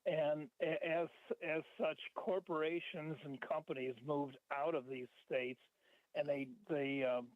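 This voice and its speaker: A man calling in to a radio show, speaking haltingly with many restarts. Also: fairly high pitch, level tone, no echo. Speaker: caller. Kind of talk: call-in talk. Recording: phone line.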